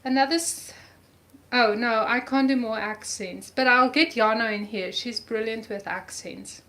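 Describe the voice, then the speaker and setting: A woman leads a live art journaling lesson at an unhurried pace, narrating every step as she paints. Her voice sits a little high, and she repeats words when a color delights her. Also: pushed and bright. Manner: chatty, talks through each step while painting. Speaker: art teacher.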